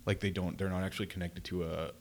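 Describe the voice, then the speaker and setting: Here a man co-hosting a podcast speaks fast in a low, flat voice. The conversation is casual and meandering, full of filler words and regular chuckling.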